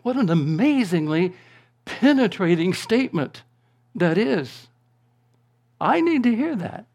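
A man preaching a sermon to his congregation, slow and deliberate, rising to emphatic proclamations and dropping to a hush. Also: sits high, very animated. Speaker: pastor.

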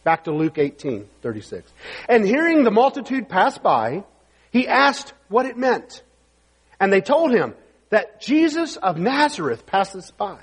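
A man's voice: high voice, big pitch swings, measured pace, breathy edge. A man preaching a sermon emphatically in a church and reading scripture aloud. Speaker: pastor. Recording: long hall reverb.

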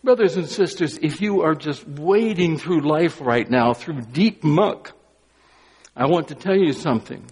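Exuberant preacher in a reverberant hall. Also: male voice, on the high side, expressive, a little slow, slightly rough. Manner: swings from quiet emphasis to exuberant exclamations, briefly sings. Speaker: pastor. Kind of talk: Easter sermon.

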